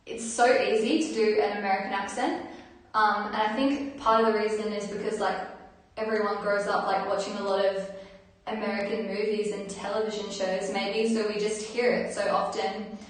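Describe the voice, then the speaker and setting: A woman's voice: mid-range voice, little pitch movement, normal speed. A woman, a singer chatting casually on her livestream and reading out viewer comments in a friendly, filler-filled way. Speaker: singer hosting a livestream concert. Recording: very echoey room, far from mic, guitar.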